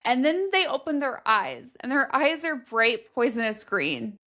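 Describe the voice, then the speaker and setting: A woman's voice: fairly high pitch, sing-song, a little slow, sharp tone. A woman co-hosting a book podcast, summing up a novel's plot in casual chat and dropping in short dry reactions.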